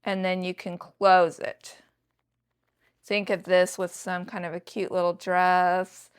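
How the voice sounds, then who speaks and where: A woman's voice: on the low side, flat delivery, takes it slowly, smooth. A woman in her sixties chatting to viewers in a casual haul vlog, showing off thrifted handbags with chatty enthusiasm. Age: 60s. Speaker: thrift reseller vlogger.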